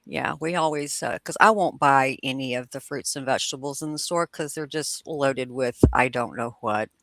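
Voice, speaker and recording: A woman guest co-hosting a livestream, talking casually in a relaxed way with lots of fillers. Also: rumbling low, noisy background. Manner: relaxed, slow, with frequent fillers. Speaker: guest co-host.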